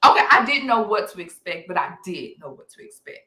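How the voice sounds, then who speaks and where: Bright, emphatic woman host. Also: fairly low pitch, very animated, fairly quick, reverberant. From South Dallas, Texas, US. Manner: enthusiastic, emphatic. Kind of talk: interview chat.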